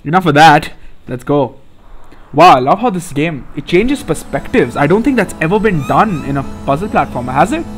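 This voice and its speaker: Young guy doing let's play commentary, kinda high voice, swears a lot, gets all hyped, faint music behind. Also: moderate pace. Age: young adult. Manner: excitable, profane, often laughing. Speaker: gaming channel host.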